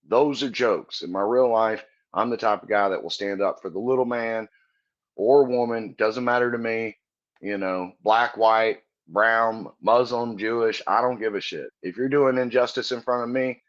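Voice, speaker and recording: A fairly low-pitched man from Texas, heard through dull audio, is a comedian guest on a podcast. He tells stories casually, earnestly and profanely, often laughing as he talks.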